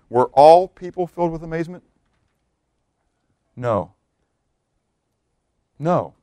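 A man preaching a sermon, swinging from loud emphatic bursts to hushed quiet lines. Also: fairly high pitch, expressive, moderate pace, long pauses, no echo.

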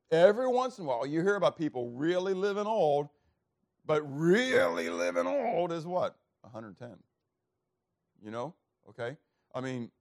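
A man preaching a sermon, reading scripture and throwing questions back to the congregation, with sharp swings between loud and soft. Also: mid-range voice. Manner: call-and-response questions, emphatic swings in loudness. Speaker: pastor.

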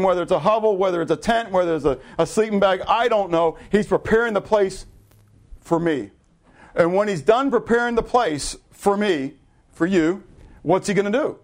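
A middle-aged man preaching with a slightly high voice, animated and chatty. He throws questions to the congregation and breaks off into loose, self-correcting asides. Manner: animated preaching with audience call-and-response. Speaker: pastor. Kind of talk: sermon.

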